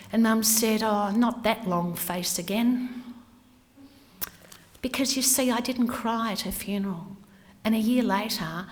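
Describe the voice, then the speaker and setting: Candid woman speaking in a hall. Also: medium pitch. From Australia. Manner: candid, emphatic, drops to a whisper for weight. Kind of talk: personal talk on grief. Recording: hall with long reverb.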